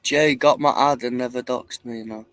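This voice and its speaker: A man's voice: mid-range voice, fairly even intonation, moderate pace, fairly bright tone, no room sound. Swearing young man, dry sound. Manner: swears constantly, rambling, laughs often. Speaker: stream host. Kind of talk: casual chat.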